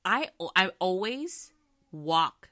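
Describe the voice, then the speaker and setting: A woman's voice: lowish voice, very animated, bright, forceful tone, no echo. A young woman co-hosting a podcast, telling stories in a chatty way with wry asides. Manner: chatty storyteller, drawn-out fillers, wry asides. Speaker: podcast co-host. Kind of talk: casual chat.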